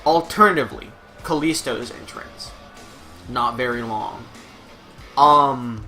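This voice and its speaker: A man's voice: medium pitch, moderate pace, bright, forceful tone, soft background music. A man giving casual, rambling gameplay commentary on his own, profane and joking, with asides to his dog. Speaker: video game commentator.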